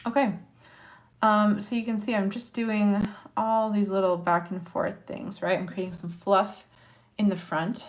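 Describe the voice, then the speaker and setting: A woman's voice: mid-range voice, little pitch movement, measured pace, slight background noise. A young woman from Montana chatting to her viewers in a casual makeup tutorial, encouraging and talking while she works. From Montana, USA. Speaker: makeup vlogger.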